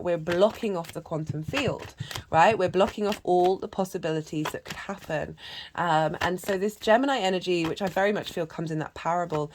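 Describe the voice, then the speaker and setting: A woman's voice: lowish voice, slight background noise. A woman giving a tarot reading, talking in a rambling, reflective way with many fillers and restarts. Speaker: tarot reader. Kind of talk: casual spoken reading.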